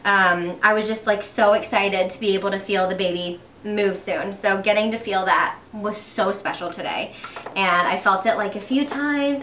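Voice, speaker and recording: A woman's voice: medium pitch, moderate pace, a bit bright, roomy sound, recorded from a distance, slight background noise. A young pregnant woman chatting casually while doing her makeup, upbeat, with lots of fillers and restarts. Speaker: beauty vlogger.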